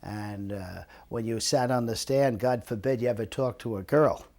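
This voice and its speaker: An older man recalls his days as a lifeguard in a relaxed, conversational way. He slips into other people's voices as he tells his stories, and his voice sits at an ordinary middle pitch. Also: normal speed. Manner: animated storyteller, acts out quoted voices. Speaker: retired lifeguard interviewee. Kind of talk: storytelling reminiscence.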